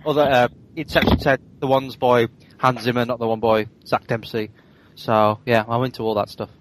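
A man's voice: medium pitch, level tone, moderate pace, a little hiss or hum, rough recording. Man, podcast co-host, casual, jokey asides, mid voice. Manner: chatty, with restarts and jokey asides.

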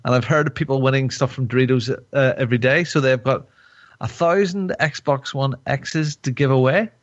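A man's voice: mid-range voice, normal speed, dry recording, muffled recording. A man hosting a casual podcast chat, rambling and joking with lots of fillers and restarts, a little tipsy from wine. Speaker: podcast host.

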